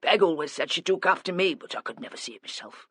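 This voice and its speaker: A subdued, plain-spoken older father, as a narrator voices him, weighed down by guilt and pausing as he remembers. The voice sits lower and softer than the narration, close and dry. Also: expressive, husky, dry recording. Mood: reminiscing. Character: grieving older father, quiet and guilt-ridden.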